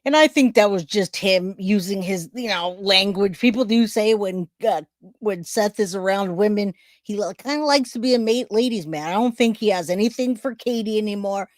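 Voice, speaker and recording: A woman talking straight to her audience in a reaction commentary, blunt and openly emotional, with casual swearing. Her voice sits at an ordinary middle pitch. It sounds dry and close, with no room echo. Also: normal speed. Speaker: online commentator.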